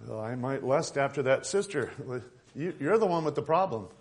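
A man preaching a sermon as pastor, conversational and joking, with quick asides. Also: mid-range voice, animated. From Tucson, Arizona.

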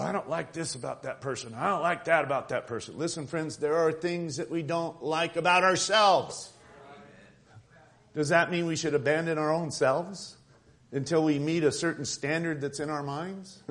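A man preaching a sermon as pastor, conversational and joking, with quick asides. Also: on the high side. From Tucson, Arizona.

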